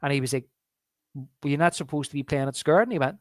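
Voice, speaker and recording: A man co-hosting a movie podcast, casually retelling film scenes and quoting their lines in a lowered drawl. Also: lively intonation, fast talker, no echo, studio quality. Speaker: podcast co-host. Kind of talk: casual movie review chat.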